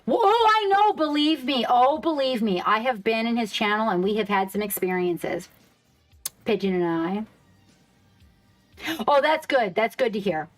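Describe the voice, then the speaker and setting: A woman's voice: fairly high pitch, animated, measured pace, faint music behind. A woman hosting a casual live stream, chatting loosely with viewers, swearing freely and reacting to the chat.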